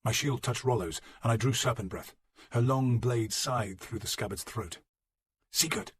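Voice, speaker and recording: A man reading a historical novel as a first-person audiobook narration, measured and low-voiced. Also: breathy edge.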